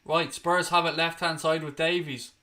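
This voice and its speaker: A man's voice: a little high, fairly even intonation, normal speed, bright, forceful tone. Sweary Irish man calling a match live. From Ireland. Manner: blunt, sweary, bursts into outrage. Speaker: watchalong host. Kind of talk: live match commentary and chat.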